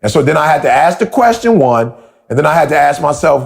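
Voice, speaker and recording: A man's voice: a little high, lively intonation, quick pace, gravelly. A man hosting a motivational conversation, telling stories with emphatic repeated questions. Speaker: podcast host.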